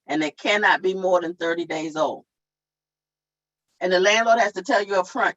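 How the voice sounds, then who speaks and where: A woman explains renter rights in a plain, step-by-step way, going back over each point. Her voice sits at a middle pitch. The sound is dull and lo-fi, like an online meeting. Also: expressive, normal speed. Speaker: tenant advocate. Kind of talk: explaining tenant law at a town hall.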